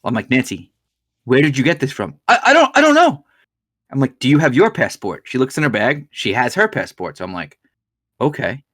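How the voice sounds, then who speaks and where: A man's voice: mid-range voice, expressive, a little fast, a bit bright. A man hosting a podcast, telling a story in casual chat, swearing freely. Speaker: podcast host.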